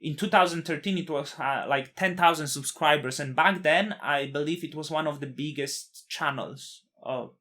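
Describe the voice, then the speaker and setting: A man's voice: a little high, moderate pace, hardly any pauses, pushed and bright. A man in his thirties, not a native English speaker, telling a personal story in a candid, blunt way, with swearing and frequent restarts.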